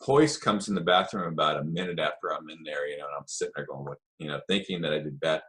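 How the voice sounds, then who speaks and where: With a rumbling low, slightly bright voice, an older podcast guest talks fast through lengthy stories in a relaxed interview. He rambles and performs the quotes of others as he goes.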